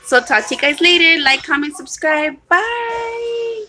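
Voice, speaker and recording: A woman's voice: high-pitched, a little fast, music in the background, poor audio. A woman chatting casually on a home live stream, apologetic and rambling, with lots of ums and restarts. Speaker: vlogger. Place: at home, hot room. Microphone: phone or webcam.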